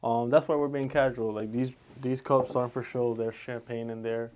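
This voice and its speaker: A man's voice: mid-range voice, flat delivery, moderate pace, a little mellow. Laid-back joking man co-hosting a podcast. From Dominican Republic. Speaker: podcast co-host, realtor. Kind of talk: casual chat.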